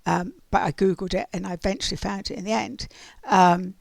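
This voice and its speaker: A woman in middle age tells a spiritual story to her audience, drifting from thought to thought with plenty of ums and restarts. Her voice carries a strong gravelly fry at an ordinary pitch. The recording is close and dry, with no room sound. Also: steady tone, a little fast, dry recording. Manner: rambling, many fillers and restarts. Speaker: oracle card reader.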